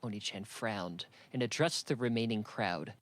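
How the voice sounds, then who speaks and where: A man narrating an audiobook in an even, matter-of-fact reading. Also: lowish voice, moderate pace, no room sound. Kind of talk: scripted narration.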